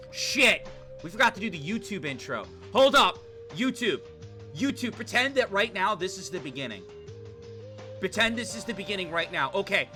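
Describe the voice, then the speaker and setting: A young man streaming a game, riffing excitedly to his chat and swearing freely at a desk mic. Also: high-pitched, moderate pace, soft background music. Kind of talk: gaming livestream commentary.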